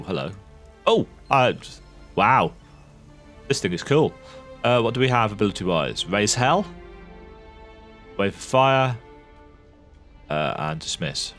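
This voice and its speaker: Man, low voice, very lively pitch, casual gameplay commentary, reads game text aloud. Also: slow, pauses often, faint music behind. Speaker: video game let's-player.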